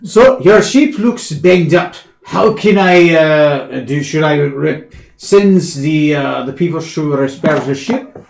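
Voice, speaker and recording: A man voicing a brisk female hobgoblin dock master, attempting a German accent, in an echoey room. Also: high voice, animated, a little mellow, pitched above the performer's own voice, heavily acted. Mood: businesslike.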